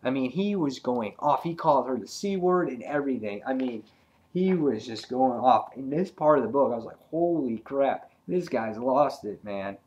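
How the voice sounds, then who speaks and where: A man chatting through a comic book review in an easygoing, rambling way, full of filler words and restarts. His pitch sits at an ordinary middle level. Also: animated, brisk, a little mellow, lo-fi sound. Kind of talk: casual review chat.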